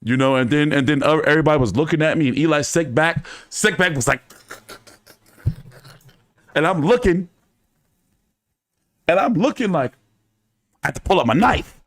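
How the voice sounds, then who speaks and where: A man's voice: fairly high pitch, moderate pace, long pauses, dry recording. A man hosting a boxing channel, telling stories to his viewers in a loose, profane, laughing way. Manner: animated, profane, laughing anecdotes. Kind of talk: casual storytelling to viewers.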